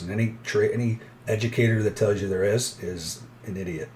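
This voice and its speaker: Low-voiced man, live trading streamer, casual and blunt, faint hiss behind. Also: steady tone, a little fast, hardly any pauses, a little mellow. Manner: casual, blunt, talks to viewers directly. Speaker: trader streaming live trades.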